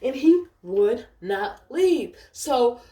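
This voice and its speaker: A woman's voice: fairly high pitch, big pitch swings, extremely slow, dark tone. Woman telling a storytime, cussing and heated, echo all around. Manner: profane, fired-up, repeats herself. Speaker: storytelling vlogger. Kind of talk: casual storytime retelling. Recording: echoey room.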